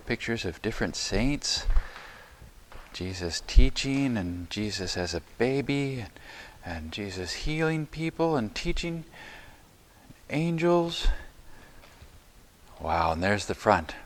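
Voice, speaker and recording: Slow, gentle man talking to small children. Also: on the low side, lively intonation, slight background noise. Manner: gentle, encouraging, simple words. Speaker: chaplain leading children's chapel. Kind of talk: talking to preschool children on a tour. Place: inside a church.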